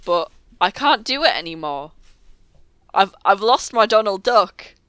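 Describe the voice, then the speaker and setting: A woman with a bright, smooth voice chats on a podcast. She is chatty but hesitant and trails off mid-thought. The sound is dry and close. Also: mid-range voice, lively intonation, unhurried, no room sound. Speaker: podcast co-host. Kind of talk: casual chat.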